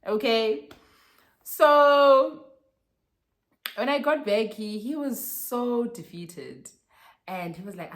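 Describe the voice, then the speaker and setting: Animated South African woman telling a story. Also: medium pitch, normal speed. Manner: animated, mixes English and Xhosa slang, laughs often. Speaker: vlogger. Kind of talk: casual storytelling.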